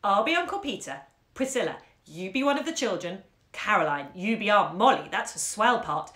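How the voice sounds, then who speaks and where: A woman reading aloud as a jaunty grown man spinning a boastful tall tale for children. He sounds theatrical and mid-pitched, and the roomy recording carries a clear echo. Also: big pitch swings, moderate pace, fairly bright tone. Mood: eager.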